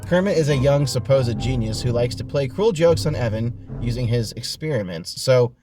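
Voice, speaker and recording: A man's voice: mid-range voice, expressive, normal speed, music in the background. A man hosting a podcast, recapping a book in a casual, sarcastic, profane way. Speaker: podcast host.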